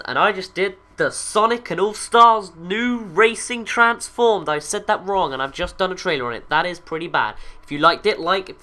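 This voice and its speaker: A man's voice: high voice, sharp tone. A young man closing his video with a rambling, self-correcting, jokey chat to his viewers while just over an illness. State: recovering from illness. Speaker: YouTube video host. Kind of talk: casual rambling outro to viewers.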